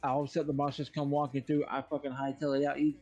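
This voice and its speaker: A man's voice: medium pitch, flat delivery, fast talker, a little mellow, lo-fi sound, soft background music. A man in casual chat with a fellow streamer, laid-back, laughing along and swearing.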